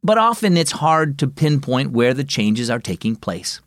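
A man's voice: mid-range voice, sing-song, moderate pace, dry recording, studio quality, lightly acted. A man voicing a patient father who teaches his family, in a storybook reading. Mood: gentle. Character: calm, gentle father leading family devotions.

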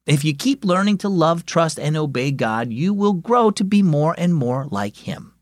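Lively male storyteller for a kids' show. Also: on the high side, normal speed, no room sound, studio quality. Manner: warm, friendly, expressive storyteller delivery. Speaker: host of a children's devotional radio show. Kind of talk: scripted storybook narration for children.

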